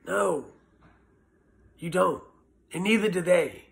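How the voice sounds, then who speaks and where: Guy telling his prison and addiction story, gravelly voice, earnest, halting, swears. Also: sits high, animated. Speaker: former prisoner sharing recovery story. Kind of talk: personal testimony.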